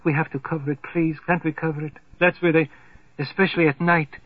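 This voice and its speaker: A man's voice: a little high, level tone, fairly quick, dry recording, voice pushed up, close to an everyday voice. A man reading aloud, voicing a frightened, fragile woman who pleads in distress, in a tinny, phone-like recording. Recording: tinny phone-like sound, dry.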